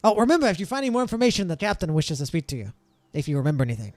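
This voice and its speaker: A man doing a chatty high-voiced town guard. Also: very animated, racing, no room sound, faint music behind. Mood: gossipy.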